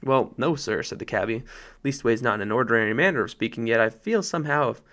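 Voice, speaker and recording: A man voicing a humble, plain-spoken London cabman with rough working-class speech in an audiobook. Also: medium pitch, fast, fairly bright tone, close to an everyday voice. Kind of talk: audiobook narration.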